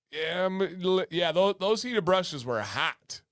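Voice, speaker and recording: Playful high-voiced male stream host. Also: expressive, takes it slowly, few pauses, a bit bright, dry recording, clean studio sound. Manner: playful, sing-song, hypes up viewers and reads chat. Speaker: livestream host. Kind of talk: hyped giveaway livestream chat.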